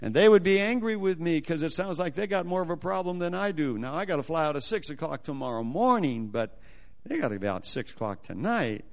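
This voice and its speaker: A man telling a personal testimony as a sermon, animated and acting out the voices of the people in his story. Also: fairly high pitch, a little fast, gravelly.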